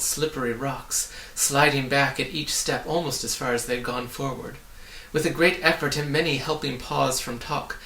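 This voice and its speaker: A man reading a children's book aloud, his narration lively and expressive. His voice is bright and crisp, and the echoey room he records in gives it a noticeable ring. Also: medium pitch. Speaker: reader. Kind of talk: storybook read-aloud.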